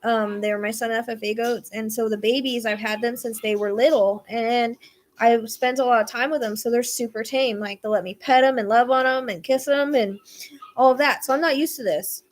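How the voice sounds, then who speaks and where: A woman's voice: fairly high pitch, steady tone, normal speed. A woman host telling a rambling, exasperated story in casual chat, swearing now and then. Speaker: psychic podcast host. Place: rural property with acreage.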